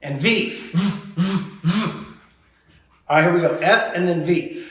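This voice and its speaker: A man teaches a children's drama class, leading each warm-up at an unhurried pace and praising the students as they go. His voice sits a little high for a man. The recording rings with heavy echo from the room. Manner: encouraging, models each drill for students to repeat. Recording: very echoey room.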